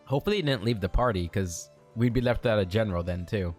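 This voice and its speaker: A low-voiced man hosting a video game let's play. He talks casually and makes relaxed, joking remarks about the story. Faint music plays underneath. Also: fast. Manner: relaxed, joking asides between reading game text. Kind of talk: casual gameplay commentary.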